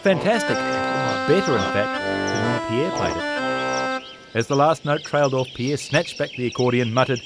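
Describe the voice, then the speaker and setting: A man narrating a children's story in an expressive, animated way, with music behind. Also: mid-range voice, normal speed. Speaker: storyteller host.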